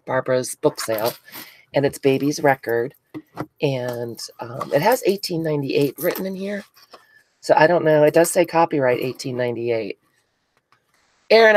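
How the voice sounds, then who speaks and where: A woman hosting a craft live stream, chatting casually with viewers and gushing with frequent giggles. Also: rumbling low. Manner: giggly, gushing, reads out chat names.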